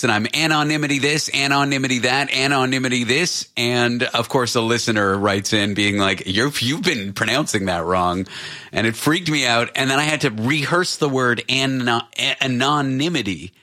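A man hosting a talk show, chatting casually in an animated, digressive and jokey way. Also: medium pitch, normal speed. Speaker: radio show host.

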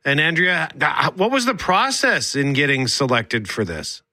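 A man's voice: fairly high pitch, sing-song, a little slow, bright, forceful tone, no room sound. A man co-hosting a broadcast interview, introducing the guest in a polished, upbeat way. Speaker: co-host.

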